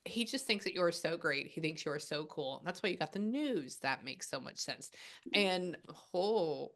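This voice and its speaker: A woman with a fairly low voice gives a spirit reading in a loose, chatty way. She rambles, quotes the spirits back, and piles on fillers as she goes. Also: expressive, moderate pace, a bit bright. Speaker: psychic medium. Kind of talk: casual spirit reading session.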